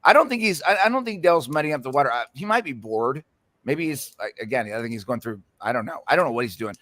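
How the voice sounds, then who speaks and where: A man's voice: medium pitch, lively intonation, quick pace, fairly bright tone, dry recording. Heated, swearing man on a dry mic. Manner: profane, heated, repeats and restarts words. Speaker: podcast co-host. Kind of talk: casual ranting chat.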